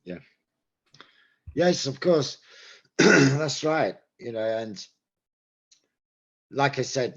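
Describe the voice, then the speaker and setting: A man with an English accent and a mid-range voice teaches an English lesson, patiently explaining and demonstrating how sentence stress changes. The recording sounds muffled.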